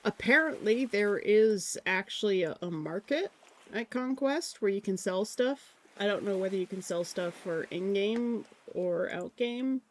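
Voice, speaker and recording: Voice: medium pitch, expressive, unhurried, a little hiss or hum. Rambling, distracted streamer chatting to viewers. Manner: rambling, distracted, self-mocking. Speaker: live streamer. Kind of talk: casual chat while drawing.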